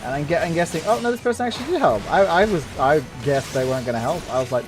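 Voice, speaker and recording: A man hosting a gameplay video, talking casually as he plays. He rambles, gets excitable and laughs often, in a slightly high voice. Faint music plays in the background. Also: fast talker, few pauses.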